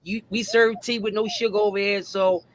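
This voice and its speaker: A man's voice: sits high, level tone, brisk, a little hiss or hum. A man co-hosting a casual panel chat, boastful and playful. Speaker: co-host.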